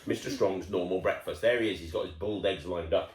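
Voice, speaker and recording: A man's voice: deep voice, fast, slight background noise. Man reading a storybook in an echoey room. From United Kingdom. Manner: playful, chatty, asides to the child. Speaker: children's storyteller. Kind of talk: reading a picture book to a child.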